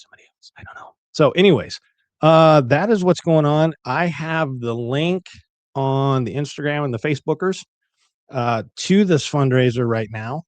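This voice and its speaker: A man's voice: medium pitch, no room sound. Chatty man hosting a live stream. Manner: chatty, animated retelling with acted-out quotes. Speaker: livestream host. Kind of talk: casual live-stream chat.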